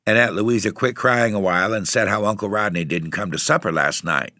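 A man reading a story aloud in steady, even narration. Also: on the low side, fairly quick, no room sound, studio quality. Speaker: audiobook reader. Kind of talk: scripted narration.

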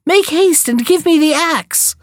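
Young boy hero, high and urgent, as a woman puts him on, storybook. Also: sing-song, normal speed, no echo, studio quality.

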